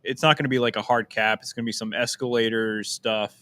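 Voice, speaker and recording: A man's voice: fairly low pitch, fairly even intonation, fairly quick, fairly bright tone. A young man co-hosting a casual live stream, talking animatedly, laughing often and trailing off into restarts. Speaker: co-host.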